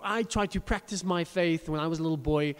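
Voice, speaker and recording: A man's voice: on the high side, a little fast, clear, resonant tone, big-room sound. A pastor preaching a sermon to his congregation, chatty and self-deprecating, with frequent restarts.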